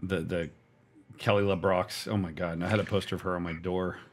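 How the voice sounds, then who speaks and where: A middle-aged man in a relaxed group chat after a tabletop game, rambling with laughs and trailing-off restarts. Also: deep voice, fairly quick, slight background noise.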